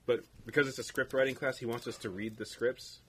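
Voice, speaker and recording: A man's voice: mid-range voice, fairly even intonation, fairly quick, fairly bright tone, a little hiss or hum. A young man, still a student, chatting casually on a podcast in a laid-back, rambling way full of fillers. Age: young adult. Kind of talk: casual chat.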